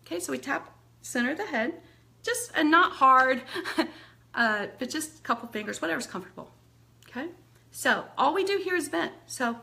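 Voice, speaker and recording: Bright, chatty woman teaching tapping. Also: fairly high pitch, quick pace, vocal fry. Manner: chatty and expressive, laughs often, acts out venting. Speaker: emotional healing teacher. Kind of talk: instructional talk demonstrating tapping.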